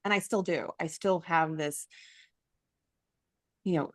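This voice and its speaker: A woman in her forties hosts an interview in a slightly low voice, recorded close and dry. She gushes and cuts in often with her own stories. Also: no room sound. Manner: emotional, gushing, quick to interject. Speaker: summit host. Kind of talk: casual interview chat.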